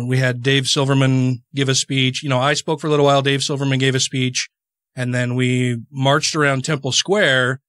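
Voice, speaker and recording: Animated male podcast host. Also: mid-range voice, dry recording. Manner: animated, conversational. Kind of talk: casual storytelling. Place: studio.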